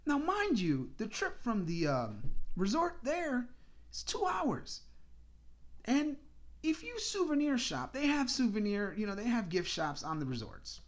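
Animated, foul-mouthed man. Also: extremely high pitch, measured pace. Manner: profane, exasperated ranting. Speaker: podcast host. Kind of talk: casual storytelling.

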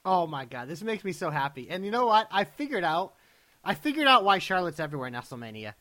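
A man's voice: high voice, very animated, fast, bright, forceful tone. A man hosting a podcast in casual chat, teasing his co-host and laughing often.

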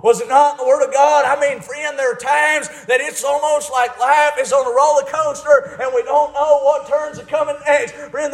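A man preaching a sermon, fervent, rising to shouts and dropping to hushed asides. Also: extremely high pitch, roomy sound.

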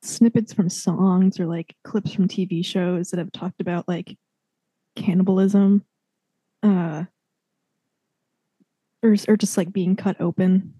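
A woman with a mid-range, mellow, warm voice chats casually on a podcast, pausing often with "um" and "like". She is recorded dry and close, with no room sound. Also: lowish voice, fairly even intonation, slightly rough, no echo. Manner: playful, giggly, hesitant with fillers. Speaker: podcast co-host. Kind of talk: casual conversation.

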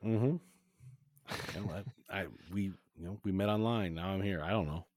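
Low-voiced male podcast host, dry sound. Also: normal speed, a little mellow, dry recording. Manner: joking, rambling, many fillers. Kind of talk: casual episode recap chat.

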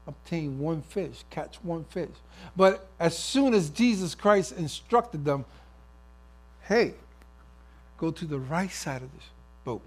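A man preaching a sermon, acting out everyday scenes in different voices. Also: on the high side.

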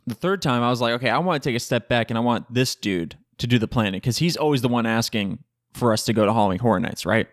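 Young male podcast host, mid-pitched, loose and chatty, laughs a lot, swears, plays out the voices of people in his stories; dry close sound. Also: dry recording. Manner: chatty, laughs often, swears casually, acts out quoted friends. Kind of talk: casual solo storytelling.

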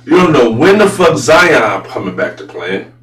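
A man hosting a casual sports talk show, blunt and profane, often turning loud and incredulous. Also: mid-range voice, big pitch swings, normal speed. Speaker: sports podcast host. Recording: roomy echo, voice a bit far from mic, faint hum.

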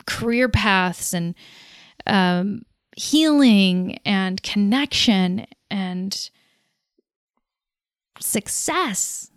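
Smooth-voiced woman musing at length. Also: medium pitch, expressive, very slow, long pauses, no echo, clean studio sound. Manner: rambling, goes off on tangents; laughs at herself. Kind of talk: casual reflective monologue.

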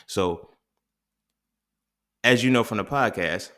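A man's voice: low voice, lively intonation, a little fast, sharp tone. A man, hosting a podcast and musing in a casual, profane, rambling monologue full of restarts. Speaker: podcast host. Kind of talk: impromptu monologue.

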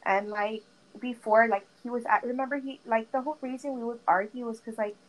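Chatting with a friend while gaming, a young woman with a fairly high voice briskly recounts some dramatic story, gossiping with lots of "like" and frequent swearing. The recording is low quality, with faint noise behind her.

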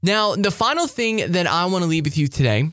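A man preaching a motivational talk to high school students, energetic and emphatic, repeating his key phrases. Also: brisk, no room sound, studio quality. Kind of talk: sermon-style motivational talk.

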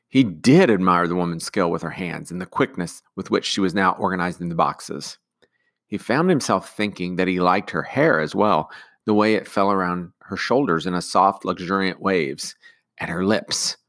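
Low-voiced man reading a story aloud. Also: expressive, moderate pace, vocal fry, a bit bright, dry recording, studio quality.

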